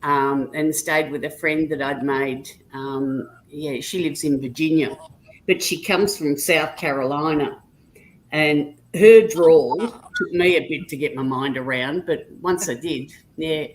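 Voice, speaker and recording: Low-voiced Australian woman telling yarns. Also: a little slow, a little hiss or hum, rough recording. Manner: chatty anecdotal storyteller. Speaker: guest on a live chat stream. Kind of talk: casual chat.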